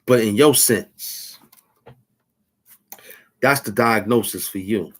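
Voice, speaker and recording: A man's voice: lowish voice, takes it slowly. A man hosting his own channel, taunting and boasting in a rambling trash-talk rant. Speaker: channel host. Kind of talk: trash-talking rant at the camera.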